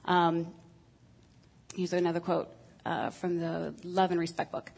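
A woman with a fairly low, slightly mellow, husky voice with vocal fry speaks a little slowly and with little pitch movement. In a rough recording, she gives a group of women a frank, self-deprecating talk on marriage, with many ums and uhs.

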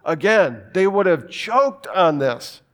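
A man's voice: high-pitched, very animated, takes it slowly. Emphatic man preaching a sermon. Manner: emphatic, joking asides, rhetorical questions.

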